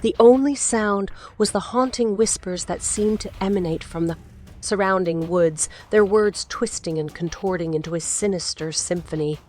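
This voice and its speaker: A woman voicing a frightened, grieving widow in an audiobook, speaking in a trembling, hushed voice. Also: medium pitch, normal speed, close to an everyday voice. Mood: fearful. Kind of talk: audiobook character voice.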